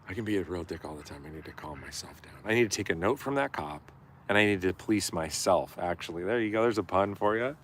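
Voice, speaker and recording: A man's voice: sits low, a little hiss or hum. A middle-aged man telling a story in a casual, profane live-stream rant. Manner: profane, animated, acts out yelling quotes.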